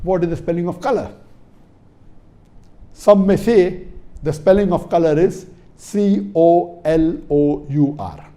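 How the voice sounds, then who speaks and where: A man's voice: high voice, slow, long pauses, dark tone. A man from India giving a religious lecture to an audience, emphatic and repetitive, putting questions to the listeners and spelling words out letter by letter. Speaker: Islamic preacher.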